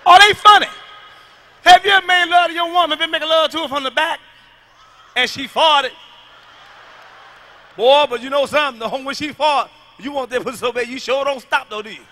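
A man doing a stand-up comedy routine, loud and emphatic, hammering his punchlines over and over with a delivery. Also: extremely high pitch, a little fast, long pauses.

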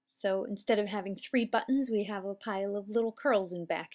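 A woman calmly explaining hair braiding steps as an instructor, patient and methodical. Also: mid-range voice, a little fast. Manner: calm, patient, step-by-step explaining. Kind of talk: instructional demonstration.

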